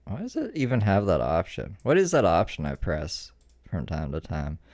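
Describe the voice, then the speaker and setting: Chatty low-voiced male streamer. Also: wildly swooping pitch, moderate pace, a little mellow, no echo, studio quality. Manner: chatty, jokey, talks to himself while clicking around. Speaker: live stream commentator. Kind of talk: casual live stream commentary.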